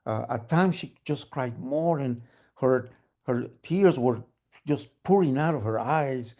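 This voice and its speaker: A man telling a story at a live storytelling event, animated and humming sewing-machine sounds. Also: medium pitch, slow pace. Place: storytelling event, online gallery view.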